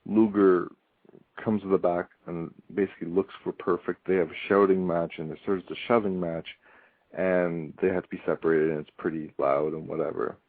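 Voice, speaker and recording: Deep-voiced man on a tinny line. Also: fairly even intonation, moderate pace, no room sound. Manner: rambling, frequent ums, wry asides. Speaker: podcast host reviewing wrestling. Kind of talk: casual solo review. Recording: tinny phone-like line, dry.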